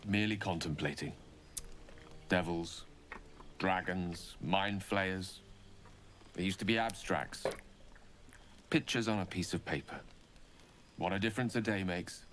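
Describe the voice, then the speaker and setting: An actor playing a weary, brooding companion in a video game, speaking in a measured, grave way. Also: male voice, deep voice, fairly bright tone, slight background noise. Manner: measured, grave, reflective delivery.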